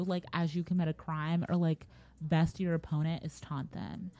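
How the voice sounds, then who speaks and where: A woman's voice: fairly low pitch, fairly even intonation, moderate pace, darkish tone. A young woman casually retelling a story in a rambling, slangy way, full of fillers and laughs.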